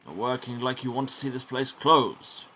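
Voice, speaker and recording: A man's voice: medium pitch, moderate pace, pushed and bright, slight background noise, pitched above the performer's own voice, lightly acted. A man voicing a stern older monastery prior who scolds the monks under him with contempt. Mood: scolding.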